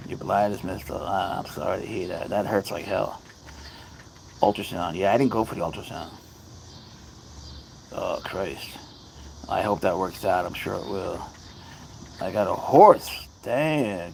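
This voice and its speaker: Guy with a gravelly creaky voice rambling on a live stream, chatting to his cats and the chat, bit of faint noise behind. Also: lowish voice, rough recording. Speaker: livestream host. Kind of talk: casual livestream chat.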